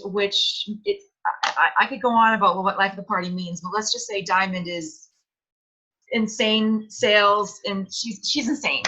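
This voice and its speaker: A woman hosts a live online event, gushing with enthusiasm in a bright, forward voice. The audio is dull and lo-fi. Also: medium pitch. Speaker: host of a live sales event. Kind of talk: upbeat hosting.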